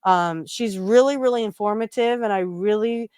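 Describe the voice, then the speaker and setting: A woman's voice: mid-range voice, normal speed, darkish tone, smooth, no room sound, studio quality. A woman hosting a casual podcast about spiritual practice, rambling with many fillers and restarts. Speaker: podcast host.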